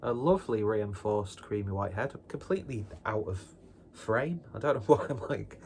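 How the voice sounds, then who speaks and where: A man's voice: lowish voice, lively intonation, brisk, a little mellow, slight background noise. A man casually reviewing a beer on his vlog in a rambling, jokey, self-deprecating way.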